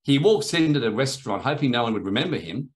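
A man's voice: medium pitch, expressive, quick pace. A man giving a rambling, anecdotal talk on spiritual authority, in a sermon style. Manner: rambling, anecdotal, acts out quoted voices. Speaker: spiritual teacher.

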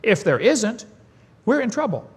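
Guy preaching a creation seminar, kinda high voice, folksy and punchy, chuckles a lot. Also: very animated, unhurried, breathy edge. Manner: folksy and emphatic, with rhetorical questions and chuckles. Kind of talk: preaching lecture to an audience.

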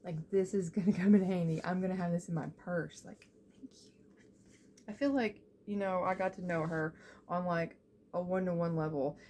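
A woman's voice: lowish voice, a little fast, a little hiss or hum. Gushing woman unboxing beauty products. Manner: gushing and excitable, lots of "like" and "y'all". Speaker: beauty vlogger. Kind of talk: casual unboxing chat.

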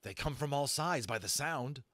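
A man's voice: medium pitch, expressive, normal speed, sharp tone, no room sound. A man voicing a strong, loyal young male friend who speaks with urgent concern.

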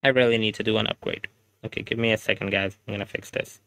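A man's voice: lowish voice, fairly even intonation, fast, vocal fry, fairly bright tone, no room sound. A man with an Indian English accent, chatting casually on a gaming livestream, reading chat aloud and laughing often. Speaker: gaming streamer. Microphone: home streaming setup microphone.

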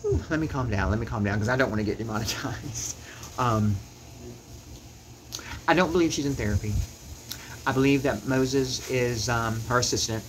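Male YouTuber, heated to-camera rant, passionate and repetitive, medium pitch. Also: moderate pace, pauses often, slight background noise, poor audio. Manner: heated, emphatic, repeats words when worked up.

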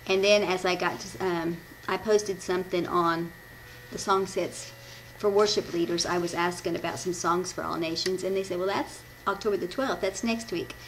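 A woman's voice: lowish voice, fairly even intonation, moderate pace, hardly any pauses, rough recording. Woman from the us midwest doing a church devotion, rambly, keeps fixing her own slips, faint hum behind. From Midwestern United States. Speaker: devotional speaker. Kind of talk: informal church devotion, reading notes.

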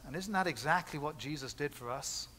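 A man delivers a sermon from the pulpit of a church. His voice sits high and rings bright and forceful. He talks in a conversational way, stacking up repeated phrases and tossing in asides to the congregation. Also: brisk. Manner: conversational preaching with repetition and asides. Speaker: pastor. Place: church sanctuary.

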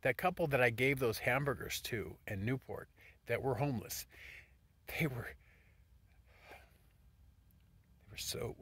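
A man vlogging a casual, profane monologue, swinging between loud rants and hushed whispers. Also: mid-range voice, slow, long pauses, breathy edge, no echo.

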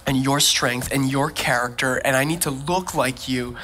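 A man preaching a sermon as a pastor, who tells lively personal stories and laughs often. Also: mid-range voice, normal speed. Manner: animated storytelling, frequent laughs.

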